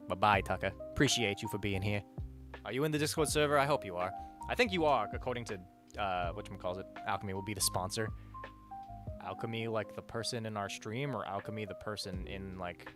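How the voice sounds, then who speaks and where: A young-sounding man streams from home, rambling and cursing his way through donation shout-outs. His pitch jumps around a lot as he talks. Faint music plays softly behind him. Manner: rambling, swears a lot, animated swings in pitch and loudness. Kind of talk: casual livestream chat reading donations.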